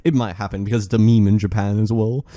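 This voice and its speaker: A man's voice: lowish voice, steady tone, fast talker, warm tone. A man co-hosting a casual podcast while drawing, rambling and laughing often. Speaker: podcast co-host.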